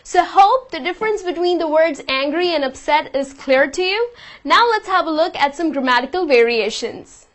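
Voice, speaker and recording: A woman's voice: high-pitched, lively intonation, moderate pace, a bit bright. A woman teaching a vocabulary lesson, patiently explaining word meanings with example sentences. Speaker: English teacher.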